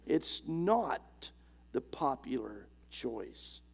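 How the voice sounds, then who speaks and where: A male pastor preaching a sermon, emphatic, slowing down and dropping low and soft on key words. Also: very animated, vocal fry, breathy edge.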